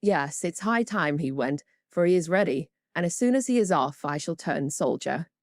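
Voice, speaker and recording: Female narrator voicing a calm, earnest young male tutor, lower register. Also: normal speed, no room sound, clean studio sound. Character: kind, quietly bitter young male tutor.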